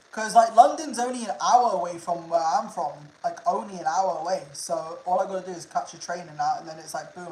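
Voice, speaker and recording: A man's voice: high-pitched, darkish tone. A young man from the United Kingdom, chatting casually with his livestream viewers, swearing freely and repeating himself. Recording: roomy echo.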